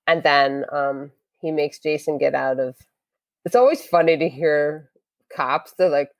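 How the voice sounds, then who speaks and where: A woman with a notably low voice, recorded close and dry, tells a casual interview story. She is a lively storyteller who acts out the lines of the people in it. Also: moderate pace, no echo. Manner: lively storyteller acting out quotes. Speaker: podcast guest.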